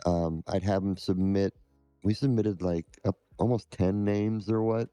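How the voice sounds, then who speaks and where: A man who streams scam-baiting, answering interview questions in a halting, measured way. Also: sits low, steady tone, mellow, clean tone, dry recording, soft background music.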